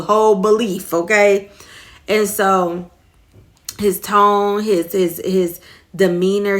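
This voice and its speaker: A woman's voice: medium pitch, a bit bright. A middle-aged woman hosting a faith talk, retelling a movie in a rambling, earnest way with many fillers. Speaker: host.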